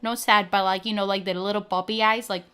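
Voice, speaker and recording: Woman streamer, casual rapid chat, bright and lively, faint music underneath. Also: mid-range voice, smooth. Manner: fast-talking, full of "like" fillers. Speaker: streamer debuting a virtual avatar.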